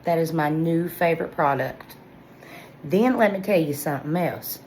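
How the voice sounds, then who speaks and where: A low-voiced woman in her forties with a drawl speaks in a chatty, excitable vlog style. She talks right at her viewers, full of enthusiasm. A faint background noise sits under her voice. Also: normal speed, rough recording. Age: 40s. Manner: excitable, chatty, talks straight to viewers with lots of "y'all" and "listen". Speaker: vlogger reviewing products. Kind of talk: casual product review vlog.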